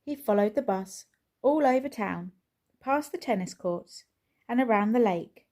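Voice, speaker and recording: A woman with a fairly high-pitched voice reads a children's picture book aloud. She goes slowly and puts plenty of expression into the telling.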